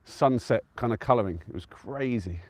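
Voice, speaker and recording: A man from England with a medium-pitched, lively voice talks at a normal speed on a casual live stream. He's at a trig point on an open, calm hilltop, answering viewers' comments in an easygoing way.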